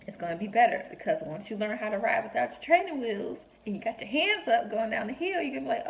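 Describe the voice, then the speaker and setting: A woman's voice: fairly high pitch, very animated, quick pace, gravelly, hardly any pauses, slight background noise, poor audio. A young woman talking earnestly to camera about her faith, encouraging listeners and acting out quoted voices. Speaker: vlogger sharing faith reflections. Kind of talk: heartfelt personal talk to camera.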